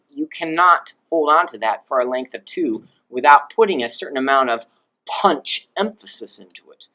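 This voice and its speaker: A man teaching Latin in a video lesson, explaining grammar and swooping his pitch up and down to demonstrate pronunciation. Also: expressive, moderate pace, bright, forceful tone, rough recording.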